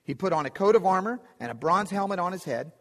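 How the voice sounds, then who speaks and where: A man's voice: high-pitched, expressive, fast talker, a bit bright. A man preaching a sermon, retelling a scripture story in a conversational way with vivid asides. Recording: echoey hall.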